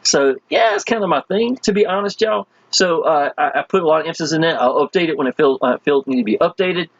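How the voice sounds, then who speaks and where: A man giving a casual, enthusiastic sales pitch as he walks through web pages, speaking folksy and chatty. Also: quick pace, dry recording, muffled recording. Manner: folksy and enthusiastic, constantly addressing listeners as "y'all". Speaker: online marketing promoter.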